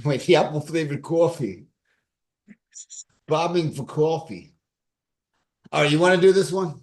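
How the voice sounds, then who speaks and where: A man's voice: on the high side, expressive, measured pace, a little mellow. A man with a New York accent, co-hosting a casual podcast chat and rambling as he searches for names and words. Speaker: podcast co-host.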